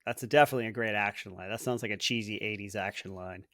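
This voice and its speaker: A man's voice: lowish voice, fast talker, a bit bright, no room sound, clean studio sound. A man co-hosting a podcast, guessing movie quotes, thinking aloud, hesitant, laughing easily. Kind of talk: casual podcast chat.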